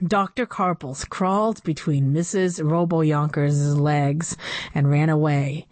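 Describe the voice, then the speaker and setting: A woman reading a children's chapter book aloud with expressive storytelling. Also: low-pitched, unhurried, no room sound.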